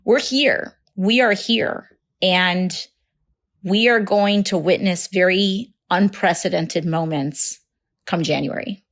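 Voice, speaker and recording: Woman talking politics, slow and deliberate, lowish voice. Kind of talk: political statement.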